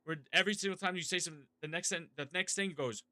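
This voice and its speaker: Bright-voiced rambling streamer man. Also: high-pitched, rapid-fire, a little hiss or hum. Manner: rambling, swears freely, talks to chat. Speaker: live-streaming gamer. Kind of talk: casual live-stream chat.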